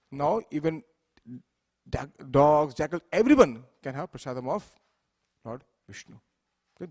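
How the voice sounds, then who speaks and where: Man preaching with storytelling. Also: fairly high pitch. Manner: acts out the deities' speech with rising loudness, asks listeners "right?". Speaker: speaker giving a temple lecture. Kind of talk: sermon with storytelling.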